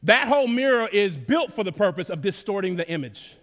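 A man from Dallas, preaching a sermon in a relaxed, conversational way, with casual slang and sudden rises in volume. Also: high voice, brisk. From Dallas, Texas. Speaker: pastor. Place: church sanctuary. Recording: long reverb of a large hall.

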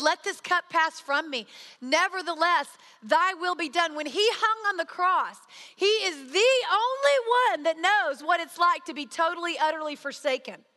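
A woman's voice: very high-pitched, pushed and bright. A woman giving an earnest sermon, telling a personal story and acting out the people she quotes. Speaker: speaker. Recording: long hall reverb.

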